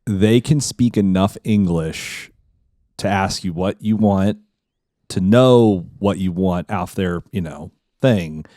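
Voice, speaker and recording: A man's voice: deep voice, slow pace, warm tone, no room sound, studio quality. A man co-hosting a podcast in casual chat, laughing often as he tells stories. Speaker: podcast co-host.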